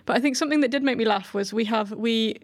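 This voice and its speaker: A woman's voice: fairly high pitch, fast talker, no echo. A woman from the UK, chatting casually on a podcast panel, with lots of "like".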